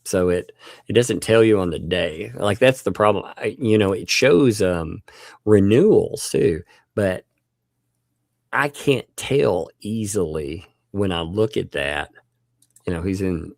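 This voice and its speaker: A man's voice: sits low, slow pace, creaky, darkish tone, dry recording, clean studio sound. A man hosting a livestream, chatting casually, thanking viewers and laughing often. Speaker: livestream host.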